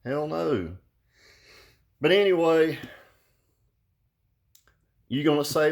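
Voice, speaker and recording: A man's voice: on the high side, slow, long pauses. An older man, ranting into a phone held at arm's length in a profane, mocking vlog, laughing and cussing often. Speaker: car audio vlogger.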